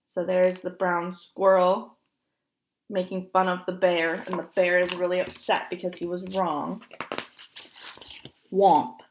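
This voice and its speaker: A young woman reading a picture book aloud, gentle and expressive, pausing to point at the pictures. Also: on the low side. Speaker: storybook reader.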